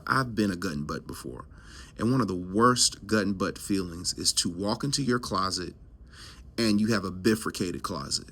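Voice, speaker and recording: A man's voice: fairly low pitch, vocal fry, sharp tone. A man hosting a health show, giving an emphatic, preachy motivational talk full of rhetorical questions and repetition. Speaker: health coach host. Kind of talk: motivational monologue to camera.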